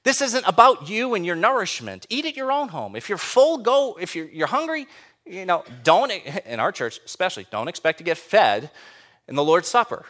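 A man's voice: sits high, very animated, moderate pace, a bit bright. A man preaching a sermon as pastor, emphatic and full of rhetorical questions.

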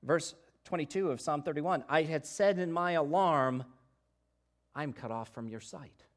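A man's voice: on the high side, measured pace. Man preaching with big swings in intensity. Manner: preaching with wide swings from hushed to emphatic; acts out the voices of doubters in scripture. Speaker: pastor. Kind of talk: sermon.

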